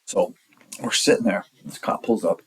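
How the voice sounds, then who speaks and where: A man's voice: normal speed, a bit bright, poor audio. A man in his forties from the San Diego area, telling a rambling, profane story in a blunt, casual way. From San Diego area, California. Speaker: storyteller vlogger.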